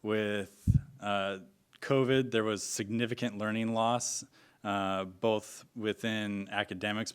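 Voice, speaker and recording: Low-voiced man answering at a forum. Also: a bit bright, clear, resonant tone. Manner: earnest, measured, with filler pauses. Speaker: school board candidate. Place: council chambers.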